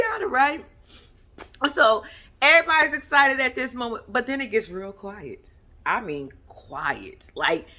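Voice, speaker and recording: Animated, bright-voiced woman vlogger. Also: fairly high pitch. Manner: animated, profane, laughing commentary. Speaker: reality TV recap vlogger. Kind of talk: casual chat.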